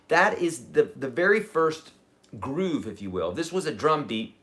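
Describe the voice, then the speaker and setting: A man's voice: medium pitch, very animated, moderate pace, very noisy. A man teaching a live-streamed guitar lesson, counting beats aloud and encouraging his viewers. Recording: guitar playing loudly behind the voice.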